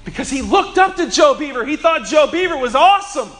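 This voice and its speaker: A man preaching a Sunday sermon, telling humorous, chatty stories and slowing down to press points home. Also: very high-pitched, lively intonation, a bit bright. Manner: earnest preaching with slow emphasis. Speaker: pastor.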